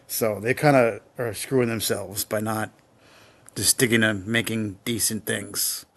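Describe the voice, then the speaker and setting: A man's voice: on the low side, fairly even intonation, unhurried, creaky, fairly bright tone. A young man co-hosting a podcast, chatting loosely with many fillers and swear words. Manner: rambling, swears freely, lots of fillers. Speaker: podcast co-host. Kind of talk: casual banter.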